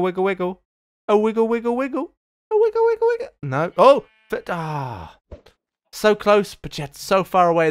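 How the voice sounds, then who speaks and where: A man's voice: mid-range voice, fairly bright tone. Young guy doing a let's play, voice bouncing all over, jokey and talky. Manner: playful, talks to himself and viewers, silly sing-song asides. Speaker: gaming channel host.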